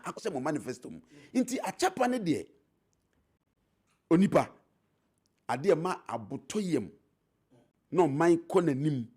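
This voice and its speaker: A middle-aged Ghanaian man talks politics on a talk show, his husky voice leaping up and down in pitch. He is emphatic and repetitive, drawing out the words he wants to land. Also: a little mellow. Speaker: politician guest, former MP. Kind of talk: animated political talk show debate, mixing English and Twi.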